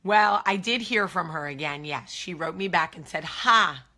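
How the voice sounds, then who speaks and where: A woman's voice: fairly low pitch, normal speed, pushed and bright. A woman with a New Jersey accent hosting a casual chat to camera. She talks in a confiding way and keeps drifting into asides. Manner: chatty and confiding, trailing off into asides. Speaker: host.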